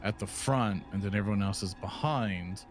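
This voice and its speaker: A man's voice: fairly low pitch, normal speed, soft background music. A man playing a tabletop game, explaining tactics at length. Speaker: player. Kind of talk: casual game table chat.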